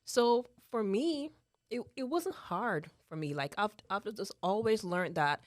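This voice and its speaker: A guest speaker, a woman in her thirties from Jamaica, talks casually yet earnestly with a Jamaican accent, laughing often, repeating herself, and tacking on "right?". Her mid-range voice is expressive and a little slow. The audio is dry and clean, studio sound.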